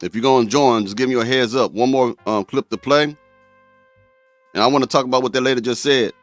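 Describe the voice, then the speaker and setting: A man's voice: mid-range voice, fairly even intonation, fairly quick, dry recording, faint music behind. A man hosting a live-stream talk show, speaking bluntly and straight to his viewers. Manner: blunt, addresses viewers directly.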